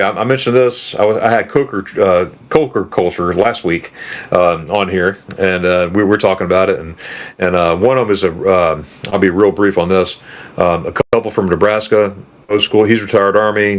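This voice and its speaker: Rambling, lower-voiced man in his fifties. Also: moderate pace. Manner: rambling storyteller with many restarts and asides. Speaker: travel channel host. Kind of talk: casual chat.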